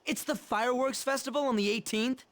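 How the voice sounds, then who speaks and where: A woman's voice: high-pitched, brisk, no echo, close to an everyday voice. A woman streamer voicing a brash, slangy teenage boy while reading game dialogue aloud. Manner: loud, careless street slang.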